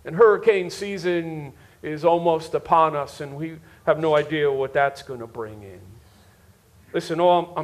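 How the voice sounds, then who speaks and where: A man with a high voice preaches in an unhurried way, leaning on repeated words to drive each point home. He speaks straight to the congregation in front of him, asking whether they are following along. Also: lively intonation. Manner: repeats words for emphasis, talks to the congregation directly. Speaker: pastor. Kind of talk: sermon. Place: church before a live congregation.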